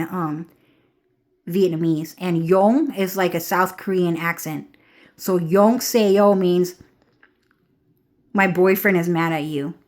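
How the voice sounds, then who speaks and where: A woman's voice: lowish voice, a little mellow. Rambling woman who keeps asking "okay?". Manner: rambling, often checks in with "okay?"; swears casually. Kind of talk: rambling casual monologue.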